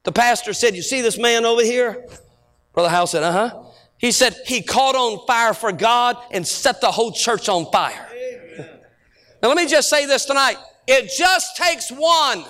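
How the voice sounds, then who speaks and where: A man preaching a sermon in an unusually high voice. His tone is bright and sharp, and he tells stories before climbing to shouted peaks. He sounds middle-aged and speaks as the pastor. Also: animated, moderate pace.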